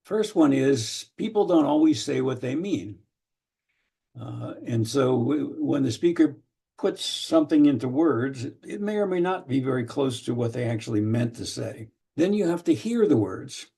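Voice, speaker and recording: An older man giving an online training lecture, explaining slowly and carefully with frequent fillers and restarts. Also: mid-range voice, lively intonation, gravelly, mellow, slightly rough.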